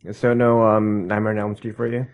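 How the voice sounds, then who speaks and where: A man's voice: on the low side, little pitch movement, brisk, phone-quality sound. A man chatting casually with friends, hesitant and full of ums and restarts. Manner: hesitant, many ums and false starts. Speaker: podcast co-host. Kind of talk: casual group chat.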